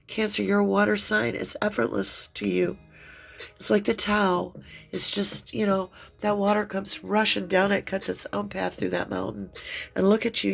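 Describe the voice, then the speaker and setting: This tarot reader has a creaky, mid-range voice. Crying through an emotional reading, she talks slowly in a heartfelt, comforting way.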